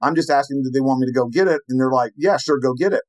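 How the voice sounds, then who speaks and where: A man telling a story in an animated way, acting out the lines of the people in it. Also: mid-range voice, fast, dry recording, low-quality recording. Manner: lively, acts out quoted lines in his story. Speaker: penetration tester telling a story.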